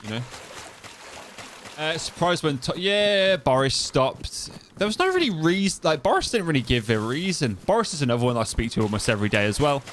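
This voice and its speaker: A man's voice: medium pitch, very animated, brisk, fairly bright tone, a little hiss or hum. A young man from the East Midlands of England with an East Midlands accent, chatting casually and rambling while he streams a game. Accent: East Midlands English. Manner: chatty, rambling, trails off and restarts. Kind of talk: casual gameplay commentary.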